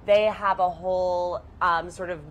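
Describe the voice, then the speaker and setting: Enthusiastic woman guest with a lower pitch. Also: flat delivery, unhurried, a little hiss or hum, poor audio. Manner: enthusiastic, storytelling. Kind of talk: casual radio interview.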